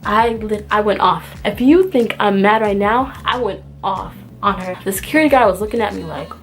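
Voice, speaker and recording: A young woman from the United States telling a storytime to her viewers in an exasperated, animated way, acting out both sides of the argument. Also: mid-range voice, normal speed, soft background music. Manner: animated, exasperated, acts out the dialogue. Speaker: vlogger. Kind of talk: storytime rant.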